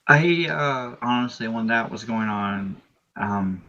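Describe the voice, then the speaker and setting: A man's voice: mid-range voice, slow, pushed and bright, muffled recording. A man talking as a race driver in a post-race interview, explaining his moves at length with restarts and asides.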